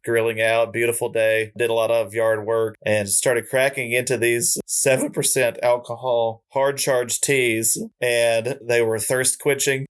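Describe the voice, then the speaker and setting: A man spinning a comic tall tale. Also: mid-range voice. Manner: animated, deadpan tall-tale telling. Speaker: podcast co-host. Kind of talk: casual chat, comic storytelling.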